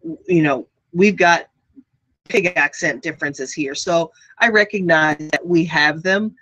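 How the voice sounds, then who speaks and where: Chatty Midwestern woman, slow and rambling. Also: on the low side, fairly bright tone, no room sound, rough recording. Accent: American Midwest, faint Southern. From United States. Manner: rambling, many fillers and restarts. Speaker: vlogger. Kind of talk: casual live chat.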